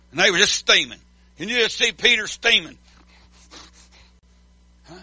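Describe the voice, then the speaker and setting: A man preaching a sermon as pastor, calling out to the congregation and swinging from loud declarations to hushed asides. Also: sits high, animated, a little slow, long pauses, breathy edge, dry recording.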